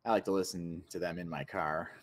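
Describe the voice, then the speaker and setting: A man co-hosting a casual gaming podcast, giving short relaxed replies. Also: low voice, a little fast. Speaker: podcast co-host.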